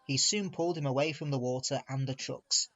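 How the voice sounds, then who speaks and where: A man reading a children's railway storybook aloud in a measured, expressive way. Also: medium pitch, muffled recording. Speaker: reader. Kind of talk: storybook narration.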